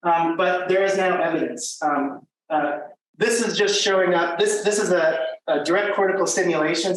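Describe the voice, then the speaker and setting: Man lecturing in an echoey room. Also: fairly high pitch. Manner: conversational, with many fillers and restarts. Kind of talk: academic lecture. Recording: echoey room from a distant mic, faint noise.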